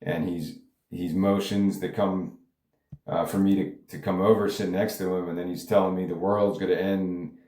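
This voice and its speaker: A man's voice: deep voice, flat delivery, normal speed, mellow, roomy sound. A songwriter talking casually about his music, rambling and stopping himself, with many fillers along the way. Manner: rambling, self-interrupting, frequent filler words. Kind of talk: casual monologue.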